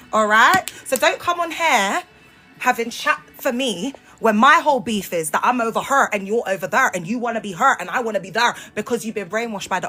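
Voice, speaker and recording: Confronting her viewers sassily and heatedly, this UK livestreamer talks on a phone live stream. Her voice is medium-pitched with a sharp tone.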